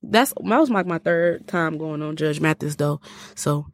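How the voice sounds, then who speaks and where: A young woman, co-hosting a podcast and telling stories in an animated, laughing way. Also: sits low, unhurried, no echo. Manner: animated storytelling with frequent laughter. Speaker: podcast co-host. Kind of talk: casual podcast chat. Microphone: podcast microphone.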